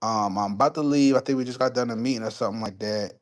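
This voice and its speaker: Man live streaming, casual story, cussing, heated asides, chatting with viewers. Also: medium pitch. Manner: profane, heated when retelling conflicts, quick asides to chat.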